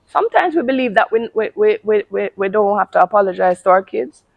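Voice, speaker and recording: A woman's voice: medium pitch, animated, brisk, vocal fry, highs cut off. A woman hosting a casual talk on parenting, speaking emphatically and often repeating words. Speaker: parenting channel host.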